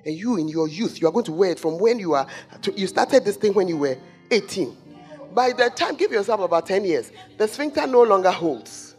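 A male pastor delivers a scolding sermon in a church. His voice sits high and swings widely up and down as he fires rhetorical questions, with soft music faintly underneath. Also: very animated, fairly quick.

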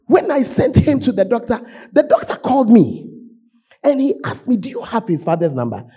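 A man preaching a sermon in a church, voice hoarse, swinging from shouts to low murmurs. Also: huge pitch swings, moderate pace. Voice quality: husky. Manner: emotional, shouting preaching with sudden drops to low tones. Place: church sanctuary.

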